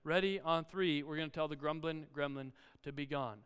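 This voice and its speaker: A man preaching a sermon as pastor, with loud build-ups broken by quiet asides. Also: on the high side, moderate pace, hardly any pauses, clean tone. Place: church auditorium. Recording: live church sound with long reverb and faint music.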